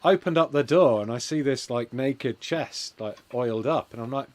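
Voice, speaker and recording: A young English man telling an absurd comic story as a stream host, veering from low mumbles to loud shouts. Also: moderate pace, hardly any pauses. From England.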